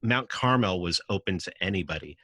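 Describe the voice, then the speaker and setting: A man's voice: deep voice, lively intonation, fairly quick, pushed and bright, slightly rough, no room sound. A man from New City, a podcast guest arguing his point in casual conversation, emphatic and profane. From New York City. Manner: emphatic, profane, acts out quoted voices.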